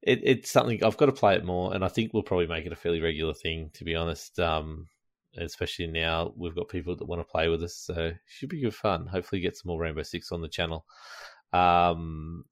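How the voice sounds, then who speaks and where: Deep-voiced man chatting about games. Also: steady tone, fairly quick, dry recording, clean studio sound. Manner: chatty, laughs often, frequent ums. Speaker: podcast co-host. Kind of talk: casual gaming chat.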